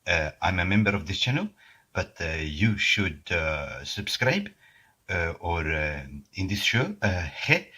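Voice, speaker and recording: A man putting on a slow, dopey, deep-voiced male channel member who stumbles over hesitations in a comic bit. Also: sing-song, pushed and bright, heavily acted. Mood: goofy. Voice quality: husky, hesitant with many uh's. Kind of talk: comic put-on voice.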